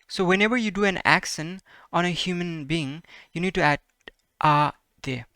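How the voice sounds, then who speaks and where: A man teaching a casual language lesson, repeating example words slowly and checking in with "right?" and "perfect" after each phrase. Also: a little high, bright, forceful tone, dry recording, studio quality. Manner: slow, careful repetition of example words.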